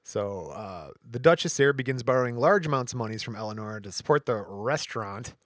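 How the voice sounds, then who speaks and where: A man's voice: medium pitch, brisk, dry recording. A man telling a story on a podcast, his voice in the middle range for a man and recorded close and dry. He jumps into the voices of the people in the story and swings his delivery as he goes. The style is loose, casual chat. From Michigan. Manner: animated storyteller, acts out quoted voices. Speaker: podcast co-host.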